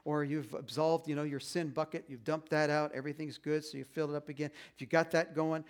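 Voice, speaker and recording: Male pastor, sermon, chatty delivery, slightly high voice. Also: fairly even intonation, fast, hardly any pauses, a little mellow. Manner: conversational, acts out little voices.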